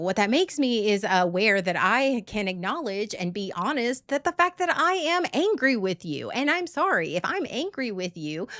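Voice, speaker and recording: A woman's voice: medium pitch, fairly bright tone, no echo, clean studio sound. A woman in her thirties, a parent, speaking bluntly and emphatically to camera, swearing freely as she vents. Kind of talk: candid personal rant.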